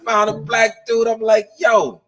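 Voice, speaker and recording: A man telling a stand-up comedy story, animated, laughing as he goes and acting out the people in it. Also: a little high, a little slow, low-quality recording. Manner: animated, laughs through his lines, acts out other people's voices.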